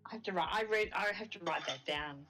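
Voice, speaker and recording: A woman's voice: on the low side, a bit bright, faint music behind. A woman in casual chat who reacts briefly and laughs readily. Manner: quick to laugh, short reactions. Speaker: co-host.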